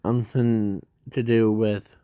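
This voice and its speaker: A man slowly narrating an improvised fan story, halting often with restarts and fillers. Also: lowish voice, flat delivery, dark tone, smooth, no room sound.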